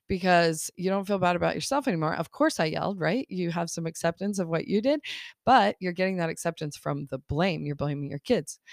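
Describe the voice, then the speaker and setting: A woman's voice: fairly low pitch, no room sound, studio quality. A woman life coach hosting her podcast in a casual, upbeat monologue, laughing often as she acts out people's thoughts.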